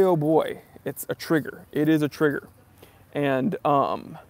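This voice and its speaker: A man's voice: fairly high pitch, gravelly. A young man hosting a livestream, ranting casually and mimicking commenters in mocking voices. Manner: animated, mocking impressions of commenters. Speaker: live stream host.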